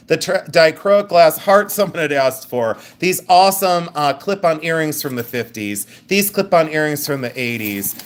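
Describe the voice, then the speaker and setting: A woman hosting a live jewelry sale stream, chatting in a rambling way and thinking out loud as she shows each piece. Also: deep voice. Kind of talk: live sales stream chat.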